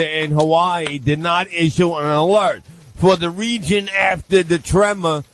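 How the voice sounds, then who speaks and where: Halting man stumbling through news. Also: on the high side, steady tone, noisy background. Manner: halting, stumbles over words. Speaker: radio show regular reading news.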